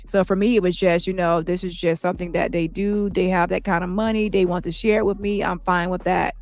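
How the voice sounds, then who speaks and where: A woman reading the part of a man testifying in court, recounting events in a plain, halting way, with faint music behind. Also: fairly low pitch, fairly even intonation, a little mellow, lightly acted. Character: shaken male witness testifying at trial.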